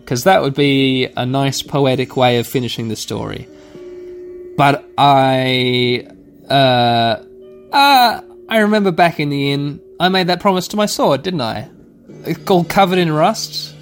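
A man's voice: mid-range voice, lively intonation, a little slow, faint music behind. A man playing a text adventure aloud, reading it out and adding casual, wry asides. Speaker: game player and host.

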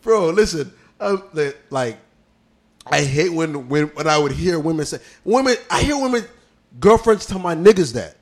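A man co-hosting a podcast, tipsy and loud, bantering with lots of laughter and swearing. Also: fairly high pitch, animated, normal speed. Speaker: podcast co-host. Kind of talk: casual chat.

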